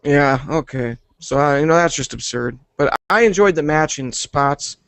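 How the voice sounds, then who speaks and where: A man hosting a wrestling review show in a relaxed, chatty way. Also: a little high, moderate pace, gravelly, clean tone.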